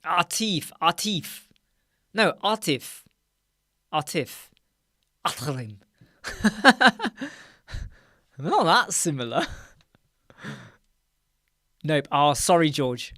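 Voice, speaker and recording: A man's voice: fairly high pitch, animated, slow, pauses often, pushed and bright, dry recording, studio quality. A man hosting a casual live chat, reading out viewer comments and joking with them. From United Kingdom. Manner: chatty, jokey, reads viewer comments aloud and laughs often. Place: dark room with soundproof panels.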